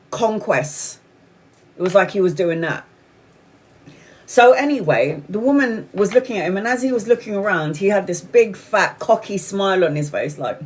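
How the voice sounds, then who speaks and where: A woman's voice: mid-range voice, low-quality recording. A tarot reader, a woman, telling a story casually with many restarts and fillers.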